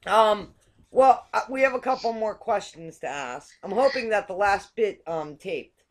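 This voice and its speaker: A woman's voice: mid-range voice, expressive, unhurried. An American woman hosting a casual video call chat, hesitant with many ums and frequent laughs. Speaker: show host.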